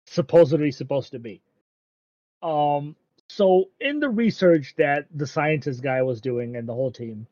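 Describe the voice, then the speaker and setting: A man with a slightly high voice recaps an anime plot in loose, rambling chat, full of ums and offhand swearing. The sound is dry and a little dull, like a lo-fi mic. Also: darkish tone, no room sound.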